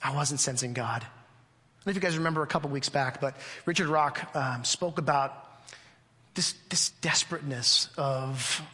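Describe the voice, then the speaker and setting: A man's voice: mid-range voice, moderate pace, bright, forceful tone. A middle-aged man preaching a sermon to his congregation, earnest and conversational, often asking the listeners questions. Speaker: pastor. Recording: long hall reverb.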